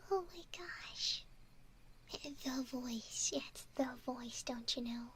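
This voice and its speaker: A woman streamer in a whispered role-play, chatting in a breathy whisper and giggling often. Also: high-pitched, takes it slowly, fairly bright tone, slight background noise. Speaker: ASMR streamer.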